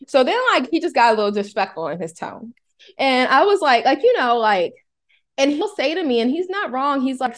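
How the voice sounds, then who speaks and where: A woman's voice: high voice, sing-song, brisk. A woman, a mother co-hosting a podcast, telling a rambling family story in casual chat, full of "like" fillers. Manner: chatty, rambling, many "like" fillers.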